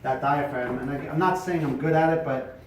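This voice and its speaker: Man, pastor, casual teaching talk, slightly high voice, echoey room, distant mic. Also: fairly quick, a crowd in the background. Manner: casual, chatty, demonstrates projecting from the diaphragm. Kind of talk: informal teaching talk to preachers.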